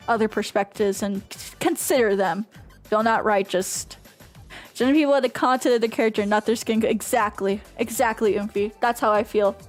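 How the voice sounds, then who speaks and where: A woman streamer in casual Q&A chat, ranting passionately and swearing freely. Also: a little high. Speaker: VTuber streamer.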